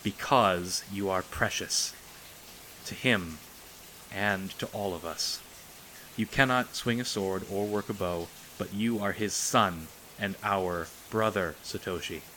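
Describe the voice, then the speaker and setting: A man reading aloud and voicing a young princess, a steady older sister who speaks softly and comfortingly. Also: sits low, takes it slowly, slight background noise, heavily acted, rough recording. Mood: gently comforting. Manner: soft, comforting, coaxing.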